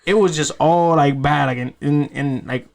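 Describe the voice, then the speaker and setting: A man's voice: a little high, normal speed, creaky. A man in his late twenties hosting a podcast, telling stories in a casual, swearing chat. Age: 20s. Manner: animated storytelling, heavy swearing. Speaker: podcast host.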